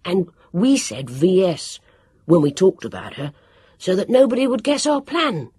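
A woman's voice: lowish voice, big pitch swings, a little slow, darkish tone, husky, no echo, clean studio sound, voice pushed up, heavily acted. A woman reading aloud, voicing a blunt young boy who speaks plainly and critically. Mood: explaining.

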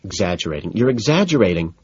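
A man's voice: low-pitched, big pitch swings, fast talker, a little mellow, slightly rough, no echo, heavily acted. A man reading aloud and voicing a petulant, dismissive young socialite woman in a storybook, heard on a slightly dull recording. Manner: dismissive and indignant.

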